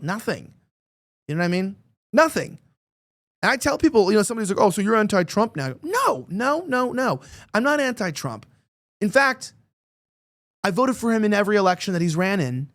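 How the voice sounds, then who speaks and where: A man's voice: sits high, a bit bright. A man hosting a political commentary show, talking emphatically and rambling, often repeating words as he gets worked up.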